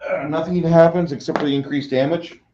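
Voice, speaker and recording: A man's voice: fairly high pitch, fairly even intonation, fast, warm tone, slight background noise. Game master, male, easygoing and jokey, dull lo-fi home recording. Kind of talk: running a tabletop game.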